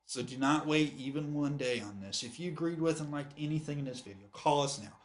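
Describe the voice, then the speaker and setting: A man's voice: on the high side, a little fast. A man from the United States, a wedding photographer, giving an earnest, persuasive promotional talk with frequent restarts. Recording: roomy echo.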